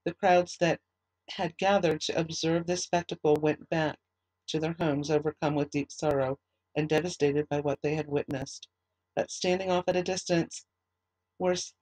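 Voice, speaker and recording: A man teaching a Bible study, reading scripture aloud in a steady, earnest way and adding short comments of his own. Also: on the high side, dry recording, low-quality recording.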